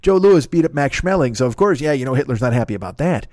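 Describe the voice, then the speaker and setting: A man's voice: mid-range voice, animated, quick pace, a little mellow, no echo, clean studio sound. A man host riffing through a profane, rambling comedic monologue. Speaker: podcast host.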